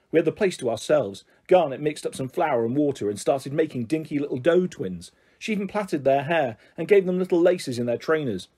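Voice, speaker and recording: A man reading a children's novel aloud in a lively, expressive storytelling manner. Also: fairly high pitch, slightly rough. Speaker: audiobook reader.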